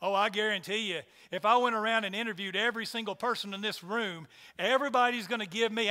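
A man's voice: high-pitched, fast talker, few pauses, bright, forceful tone, big-room sound. A man preaching a sermon to a church congregation, emphatic and repeating his rhetorical questions. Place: church hall.

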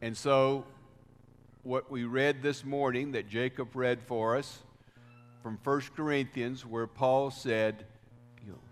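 A man preaching a sermon as pastor, deliberate, with swells of emphasis. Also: medium pitch, steady tone. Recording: reverberant hall sound.

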